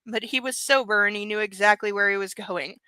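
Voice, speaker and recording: A woman's voice: medium pitch, a little fast, sharp tone, clean tone, no room sound, low-quality recording. A young woman reading a novel aloud for a book club, with casual chatty asides between passages.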